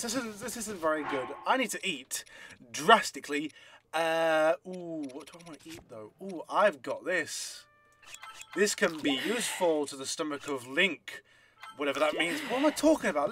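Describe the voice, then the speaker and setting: A man hosting a let's play, rambling in excitable self-talk as he plays. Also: a little high, normal speed, soft background music. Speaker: gaming channel host.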